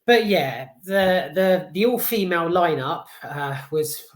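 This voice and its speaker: A woman's voice: on the low side, animated, unhurried, echoey room. A British woman giving a casual, blunt film review, full of swearing, restarts and fillers.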